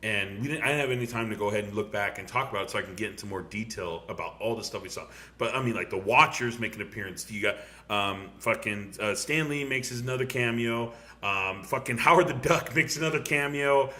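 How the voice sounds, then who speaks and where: Excitable swearing young man, bright voice. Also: mid-range voice, brisk. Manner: excitable, swears a lot, laughs often. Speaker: podcast host. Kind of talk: casual movie review chat.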